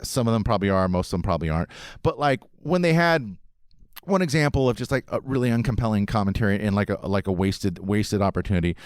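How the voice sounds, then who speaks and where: A man's voice: lowish voice, lively intonation, quick pace, clear, resonant tone, no echo, studio quality. A man hosting a podcast, ranting in a casual, rambling, sarcastic way and swearing often. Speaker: podcast host.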